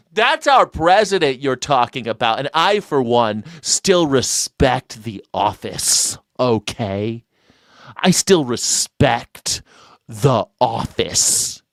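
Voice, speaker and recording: A man's voice: mid-range voice, no echo, clean studio sound. A man hosting a live call-in show, talking in a mocking, sarcastic way and laughing often. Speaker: livestream show host.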